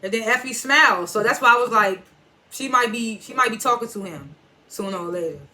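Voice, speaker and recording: A woman's voice: on the high side, brisk, sharp tone. A woman reviewing a TV episode in a casual recap, loosely retelling scenes and swearing now and then.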